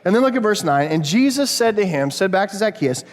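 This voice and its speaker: High-voiced man preaching in a reverberant church. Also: big pitch swings, brisk. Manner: conversational, storytelling, addresses kids. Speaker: pastor. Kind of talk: sermon. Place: church sanctuary. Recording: long reverb of a church hall.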